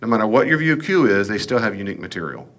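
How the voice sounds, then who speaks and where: A man's voice: lowish voice, very animated, rapid-fire, a bit bright. A man giving a casual, folksy Bible class lecture, with jokes and asides. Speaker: Bible teacher.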